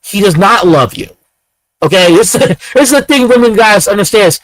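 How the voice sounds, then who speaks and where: A man host delivering an angry, profane, rapid ranting monologue. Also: high voice, expressive, no room sound, low-quality recording.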